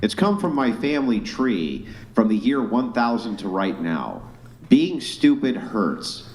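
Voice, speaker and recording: Expressive joking man on a podcast. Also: fairly low pitch, moderate pace, low-quality recording. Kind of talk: casual podcast chat.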